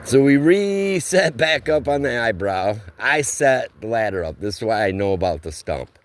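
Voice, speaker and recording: A man's voice: mid-range voice, sing-song. A man telling a casual, rambling story from his roofing work, with plain everyday slang. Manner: slow, rambling delivery with plain spoken slang.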